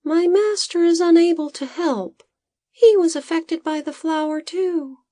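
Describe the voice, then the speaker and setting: A woman's voice: very high voice, measured pace, mellow, no echo, pitched above the performer's own voice. A woman voicing a nervous small male animal assistant who hops about and pleads anxiously, in a storybook reading.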